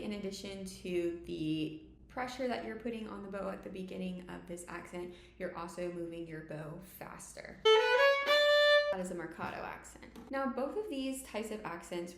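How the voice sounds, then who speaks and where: A woman teaching violin, explaining each technique clearly and step by step. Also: mid-range voice, echoey room, a little hiss or hum. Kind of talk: instructional tutorial.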